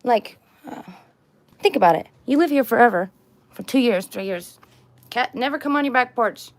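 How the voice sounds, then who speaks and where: High-voiced woman coaxing a stray cat. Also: expressive, normal speed. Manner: coaxing sing-song baby talk to a cat; chatty musing asides. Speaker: vlogger. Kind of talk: casual vlog, talking to a cat. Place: outdoors on a back porch.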